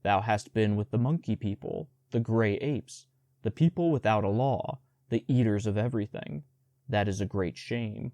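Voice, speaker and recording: Baloo is an old, gruff male bear from a storybook, lecturing slowly and earnestly, as a male reader puts him on. His voice sits low and mellow. The recording is dry and close. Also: no echo, lightly acted. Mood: stern scolding. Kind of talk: storybook audiobook reading.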